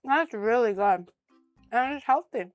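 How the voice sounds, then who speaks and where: A talkative woman chats her way through a meal she cooked, narrating each bite with bubbly delight. Her voice sits a little high and sounds dry and close to the mic, with faint music underneath. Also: lively intonation, a little slow, no echo. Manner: bubbly, chatty, narrates food tasting. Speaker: streamer host. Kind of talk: casual chat while eating.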